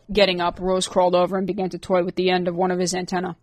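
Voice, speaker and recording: A woman narrating an audiobook chapter in a steady, even way. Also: fairly low pitch, rapid-fire, no echo. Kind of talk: reading a novel aloud.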